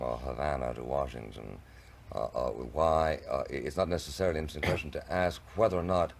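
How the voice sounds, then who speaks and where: A man with an extremely deep, gravelly voice argues in a televised debate. He stammers through restarts and chooses ornate, wry phrasing. The sound comes from an old 1960s TV recording.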